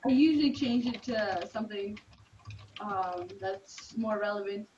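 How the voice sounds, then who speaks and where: A woman giving relaxed, helpful tips in a casual video call, pausing with "um". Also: medium pitch. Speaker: team member helping a trainee. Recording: muffled, distant call audio with faint noise.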